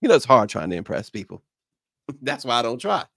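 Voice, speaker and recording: A man's voice: mid-range voice, very animated, fairly quick, gravelly, fairly bright tone, dry recording, clean studio sound. A man hosting a live morning show, chatting casually and joking as he reads viewer comments aloud. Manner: joking, loose and rambling, laughs often.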